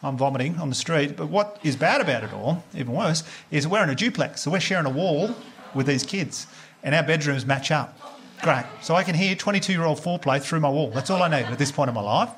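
A man with an Australian accent doing a crude stand-up comedy set with deadpan storytelling and crowd work before a live audience. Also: fairly high pitch, fairly quick, slight background noise.

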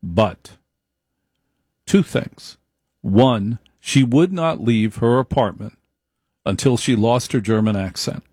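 A man's voice: mid-range voice, lively intonation, slow pace, long pauses, a little mellow, husky, no echo, studio quality. A man giving an opinionated monologue, emphatic, repeating his points and wandering into asides.

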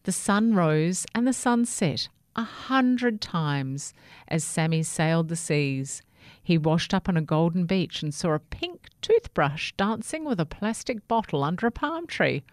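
Woman reading a kids story, slow and gentle, lots of lilt, dry close sound. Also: on the low side, animated, dry recording.

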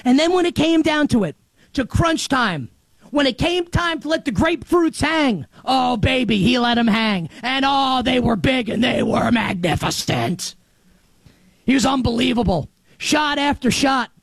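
A male sports host with a high, bright-edged voice, talking in an animated, emphatic rush. His delivery jumps from near-shouted peaks to quiet asides. The sound is close and dry, with no room around it. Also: measured pace, vocal fry, no room sound. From New York. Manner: animated, emphatic, shifts between shouting highs and muttered lows. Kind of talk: excited sports commentary monologue.

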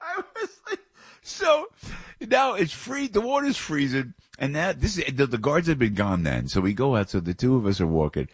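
A man's voice: mid-range voice, big pitch swings, moderate pace, breathy edge, no room sound, studio quality. A man, host of a show, telling a rambling, emotional story about his family with many restarts. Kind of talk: casual storytelling monologue.

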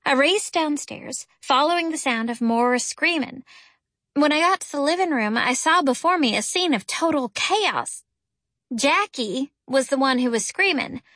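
A woman narrating a first-person children's story in an expressive, lively way. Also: high voice, a little slow, no echo, studio quality. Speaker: audiobook narrator.

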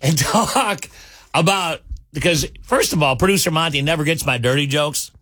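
Animated male radio host telling a joke. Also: fairly high pitch, normal speed, no room sound, studio quality. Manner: animated storyteller, acts out the bartender gruffly. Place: radio studio. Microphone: studio mic.

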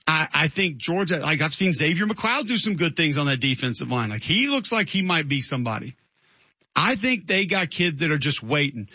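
Man, sports radio host, bright forceful voice, slightly high, dry lo-fi sound. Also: no echo. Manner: opinionated, conversational. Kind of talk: radio talk show monologue.

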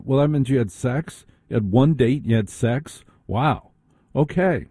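A male talk-radio host speaks bluntly in a relaxed, conversational way. His voice is very dark and mellow. The sound is dry and close to the mic. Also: mid-range voice, normal speed, slightly rough, no echo.

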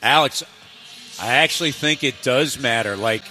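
A man's voice: mid-range voice, normal speed, soft background music. A man co-hosting a hockey broadcast from an arena event, making emphatic points in casual talk. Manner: animated, emphatic, laughs easily.

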